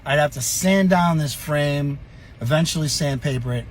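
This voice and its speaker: A middle-aged man telling a story from his youth in an animated, profane, chuckling way. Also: fairly high pitch, moderate pace, slight background noise. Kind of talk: casual storytelling vlog.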